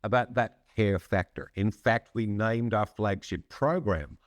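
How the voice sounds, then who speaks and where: Podcast guest: man, lowish voice, measured explainer, dry close sound. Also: dry recording. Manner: measured, frequent "um" and restarts, occasional laugh. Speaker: psychologist and consultant, podcast guest. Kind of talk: conversational expert explanation.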